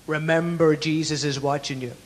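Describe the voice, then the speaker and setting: A man voicing a solemn male house parrot that gives low, grave warnings in an echoey hall. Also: steady tone, normal speed, close to an everyday voice.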